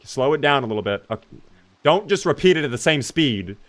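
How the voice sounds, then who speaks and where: A talkative man hosting a live game stream, chatting to his viewers in a loose, casual way. His voice sits in an ordinary middle pitch, relaxed and unpolished, with the odd curse word. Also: brisk. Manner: chatty, reads and answers chat, swears casually. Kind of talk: casual live-stream chat while gaming.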